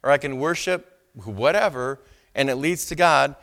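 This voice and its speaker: A man preaching from the pulpit in an ordinary, mid-range voice. He slows down to lean on key words and checks in with the congregation for agreement as he goes. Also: mid-range voice, animated, a bit bright. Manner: preaching with emphatic rises and slow, drawn-out stresses; asks the congregation for response. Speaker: pastor. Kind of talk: sermon.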